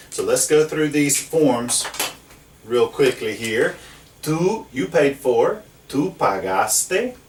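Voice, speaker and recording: Patient man teaching in an echoey room. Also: medium pitch. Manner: slow, patient, checks in with "okay?" and "right?". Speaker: Spanish teacher. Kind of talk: classroom grammar lesson. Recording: roomy echo, mic at a distance.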